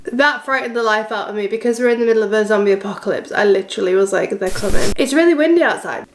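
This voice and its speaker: A woman's voice: on the high side, quick pace, background noise. A woman in her twenties chatting through a baking vlog in her home kitchen, rambling with self-mocking asides. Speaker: vlogger.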